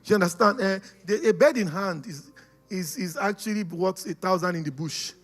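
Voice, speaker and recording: A man giving a lively, casual teaching talk, laughing often and checking that his listeners follow. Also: high-pitched, moderate pace, faint music behind. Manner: animated, laughing, acts out quoted voices, keeps asking "you understand?". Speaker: speaker on personality types.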